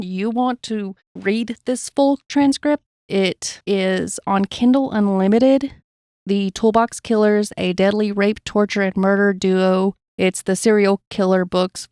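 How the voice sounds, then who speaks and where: A woman's voice: medium pitch, unhurried, darkish tone, clean tone, no room sound. A woman hosting a true crime podcast, reading a transcript aloud with blunt personal asides, in a dry recording. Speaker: podcast host.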